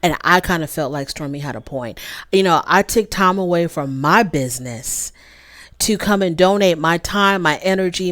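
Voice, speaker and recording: A woman hosting her own channel and recapping a reality show in a casual, opinionated way. She is animated and repeats her points for emphasis. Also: on the low side, dry recording, clean studio sound.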